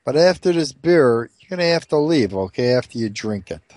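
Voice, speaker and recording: A man voicing a flustered saloon keeper who talks fast and rattled, his voice climbing when he gets exasperated. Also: medium pitch, lively intonation, no echo, clean studio sound, natural voice. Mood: nervous. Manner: rattled, rapid, shouting.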